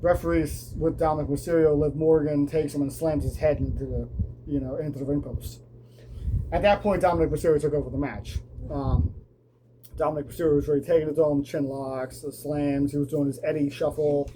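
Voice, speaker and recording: A man's voice: a little high, steady tone, a little fast, background noise. Man casually recapping a wrestling show. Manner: casual, lots of ums and restarts, acts out quotes.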